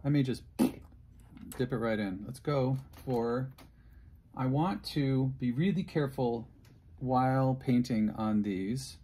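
A man's voice: medium pitch, slow pace, mellow, slight background noise. A man hosting an unscripted craft demonstration, chatting and joking and talking to himself as he works. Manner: chatty, jokey, talks to himself while working. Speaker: host and art teacher.

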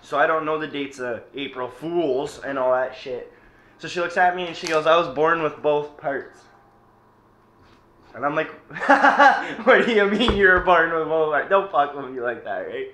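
A man's voice: fairly high pitch, a little fast. A young man casually telling a story to his camera, swearing and laughing as he goes. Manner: laughing, cursing, animated retelling. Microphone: camera mic. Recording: echoey room with faint hiss.

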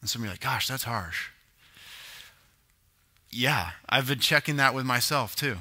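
Male pastor, sermon, chatty teaching tone with asides, bright and forceful. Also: mid-range voice, lively intonation, normal speed. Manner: conversational teaching with asides and self-corrections.

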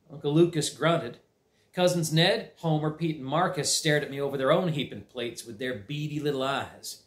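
Reading a chapter book aloud for a library, a man narrates in a folksy drawl. His voice is medium-pitched and moderately paced, and the recording has a roomy echo.

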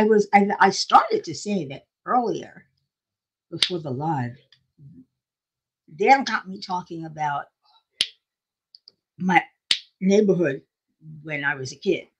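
An older woman hosting a casual craft livestream, chatting in a rambling, self-deprecating way and laughing often. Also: on the low side. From South Florida.

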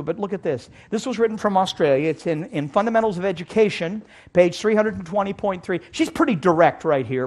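High-voiced preacher man. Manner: animated preaching, rhetorical questions to the audience. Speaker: Bible teacher. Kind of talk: sermon-style Bible lecture.

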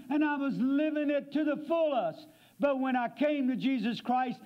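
A man with a high voice preaches a sermon in a church, emphatic and full of questions to the congregation. The recording is dull and lo-fi, as in a church recording. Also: darkish tone. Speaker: guest preacher. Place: church sanctuary.

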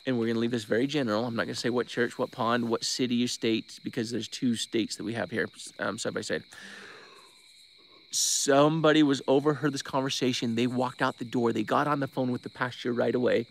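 A man's voice: mid-range voice, steady tone, a little fast, vocal fry, a little hiss or hum. A man from Oregon, a diver hosting a casual live-stream update outdoors at night, rambling with restarts and thanking donors by name. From Bend, Oregon. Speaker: search-and-recovery diver, live-stream host.

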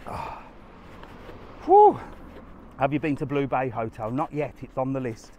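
Strolling a sunny resort street on a casual live stream, a man answers questions from his chat as a travel vlogger. His mid-range voice is darkish and fairly quick, with fairly even intonation, and a little hiss or hum sits underneath.

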